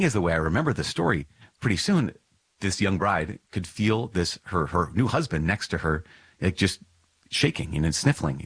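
A man's voice: sits low, a bit bright, husky, dry recording, poor audio. A man hosting a podcast, reading aloud from a religious text and reflecting on it earnestly, repeating key phrases for emphasis. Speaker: podcast host.

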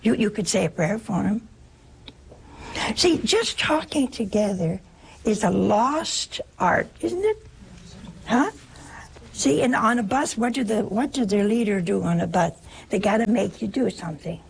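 A woman's voice: mid-range voice, animated, unhurried, creaky, pauses often, husky. A woman giving an informal spiritual talk in a chatty, humorous way, acting out bits of quoted dialogue. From United States.

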